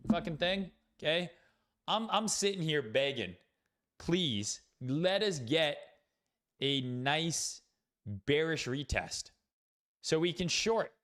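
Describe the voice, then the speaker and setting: A man's voice: mid-range voice, fairly bright tone. A man hosting a casual crypto trading livestream, talking bluntly with swearing and lots of fillers. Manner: blunt, profane, thinks aloud with many fillers. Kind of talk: casual livestream market commentary.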